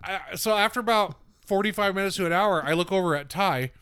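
Smooth-voiced man telling a story. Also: high voice, brisk, dry recording, clean studio sound. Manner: self-mocking, animated storyteller acting out quotes. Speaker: podcast co-host. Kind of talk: casual storytelling chat.

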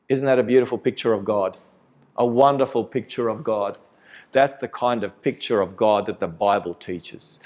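A man preaching a sermon with emphasis, repeating key phrases, swinging from loud passionate peaks to quiet, soft endings. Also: mid-range voice.

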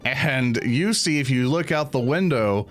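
A man running a tabletop game as game master, narrating in a casual way with frequent laughter and fillers. Soft music plays behind him. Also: medium pitch, animated, measured pace.

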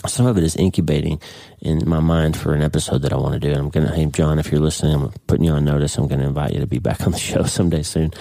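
A man's voice: rumbling low, fairly even intonation, racing, creaky, dark tone. A middle-aged man hosting a podcast, talking earnestly and off the cuff. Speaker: podcast host. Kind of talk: casual podcast talk.

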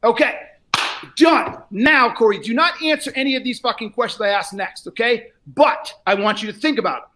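Loud, profane sales coach yelling. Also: male voice, moderate pace, noisy background. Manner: blunt, profane, lecturing; often shouts, then drops low. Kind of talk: live sales coaching role-play.

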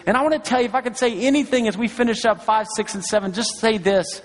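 A man's voice: high voice, fast talker, hardly any pauses. A middle-aged male pastor preaching a sermon in a church, telling stories in an earnest, encouraging way with lots of asides. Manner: storytelling, earnest and encouraging, many asides like "right?" and "you know". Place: church sanctuary. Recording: long hall reverb.

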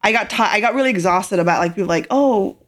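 A woman's voice: mid-range voice, racing, a bit bright. A woman in her forties from Ireland with a faded Irish accent, talking as an interview guest, rambling and acting out quoted lines. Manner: rambling storyteller, frequent fillers, acts out quoted lines. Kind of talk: casual interview.

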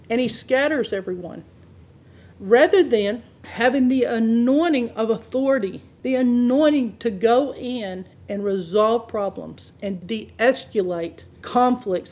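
Animated woman preacher, fairly high voice. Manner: animated storytelling with wide swings in pitch and loudness; laughs through her own anecdotes. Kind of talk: sermon.

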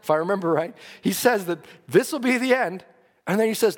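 A man's voice: high-pitched, expressive, fairly quick, in a large hall. A man preaching a sermon earnestly, his emphasis rising and falling.

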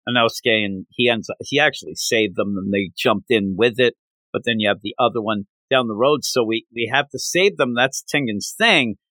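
A man hosting a podcast, recapping a manga chapter in animated casual chat with lots of fillers. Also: lowish voice, dry recording. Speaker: podcast host.

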